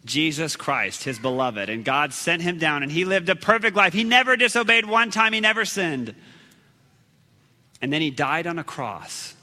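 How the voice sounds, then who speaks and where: Animated, bright-voiced male preacher. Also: on the high side, moderate pace, long reverb tail. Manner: animated, dramatic storytelling with sudden shouts. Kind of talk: storytelling sermon.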